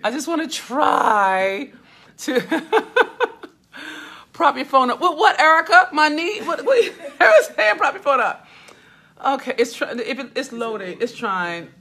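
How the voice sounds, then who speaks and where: A woman's voice: high-pitched, big pitch swings, unhurried, bright, forceful tone. A woman business mentor hosting a casual livestream, fussing and laughing as she talks to viewers by name over a handheld phone. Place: hotel suite. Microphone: phone held at arm's length.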